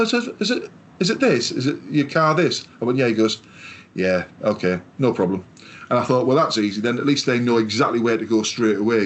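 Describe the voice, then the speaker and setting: A man's voice: medium pitch, a little hiss or hum. A man from England co-hosting a podcast, telling long sweary stories in casual chat. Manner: sweary, rambling storyteller. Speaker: podcast co-host.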